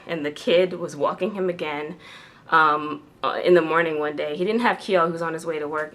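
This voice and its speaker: A chatty woman talking to camera in a loose vlog style, leaning on fillers as she goes. Her voice sits on the lower side but has a bright, forward edge. She sounds like she is talking straight to her viewers. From New York. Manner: chatty, lots of "like" and "um". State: tearful with joy. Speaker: beauty vlogger. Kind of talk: casual chat to camera.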